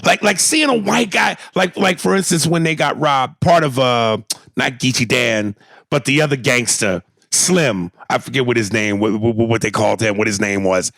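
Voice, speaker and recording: A man co-hosting a podcast in casual chat, animated and swearing freely. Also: mid-range voice, normal speed, gravelly, no room sound, clean studio sound. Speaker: podcast co-host.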